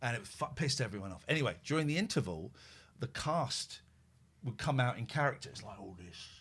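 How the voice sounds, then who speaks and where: A man's voice: medium pitch, a little fast, breathy edge. A middle-aged man hosting a podcast, telling stories casually and swearing freely. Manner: sweary, animated storyteller; drops to a hushed murmur when tending his pet. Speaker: podcast host. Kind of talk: casual chat.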